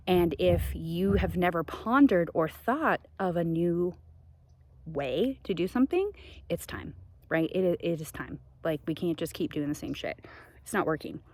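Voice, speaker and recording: A woman's voice: lowish voice, darkish tone, no echo. A woman hosting her own show, talking passionately in a spiritual monologue, venting with laughs now and then. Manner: passionate, ranting, frequent laughs. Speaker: podcast host.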